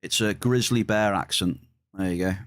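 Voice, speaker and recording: A man's voice: deep voice, normal speed, clear, resonant tone, no room sound, studio quality. Chatty English man streaming a game. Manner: chatty, reading chat aloud, bursts of excitement at hits. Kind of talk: casual live-stream chat. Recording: game music behind.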